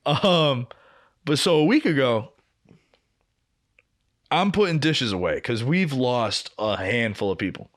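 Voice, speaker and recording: A young man co-hosting a podcast, telling a work story in casual chat, swearing a lot and acting out what people said. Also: medium pitch. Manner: profane, animated storyteller who acts out quotes. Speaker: podcast co-host.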